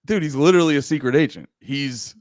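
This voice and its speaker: A man's voice: medium pitch, fast, no room sound, clean studio sound. A man co-hosting a podcast, chatting casually about movies, swearing and acting out quotes. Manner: animated, swears casually, acts out quotes in funny voices. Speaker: podcast co-host.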